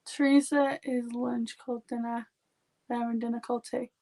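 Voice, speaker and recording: A woman's voice: a little high, flat delivery, normal speed, creaky, mellow. A woman with a Yorkshire accent in her thirties, a makeup artist chatting casually on a live stream in a rambling way with lots of "like". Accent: Yorkshire English. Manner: chatty and rambling, heavy use of "like".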